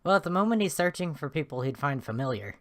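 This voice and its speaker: A woman's voice: low voice, big pitch swings, fast talker. An Irish woman chatting hesitantly as a player in an online tabletop game. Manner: hesitant, self-deprecating. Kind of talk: casual game chat.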